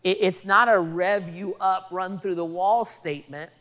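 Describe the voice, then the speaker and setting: A woman preaches a sermon, her voice sitting low for a woman. She talks in a loose, conversational way, leaning on everyday stories to make her point. Her words ring out with a long reverb, as in a big hall. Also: steady tone, a little slow, a bit bright. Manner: conversational, illustrative storytelling.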